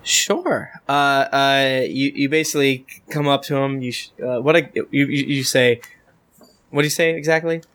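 A man with a bright, forward voice runs a tabletop role-playing session as dungeon master. He narrates combat in a loose, joking way, often restarting his sentences mid-thought. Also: mid-range voice, normal speed.

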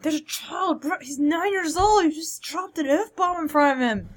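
A woman playing her character in a tabletop game, gushing and animated. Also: high voice, normal speed. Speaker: player. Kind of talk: in-character tabletop role-play.

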